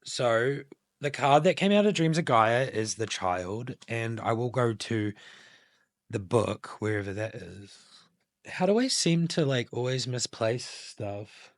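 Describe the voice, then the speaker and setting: With a mid-range voice and lively intonation, this man talks a little slowly in studio-quality audio free of room sound. His casual collective tarot reading for viewers meanders, full of intuitive musing and filler likes.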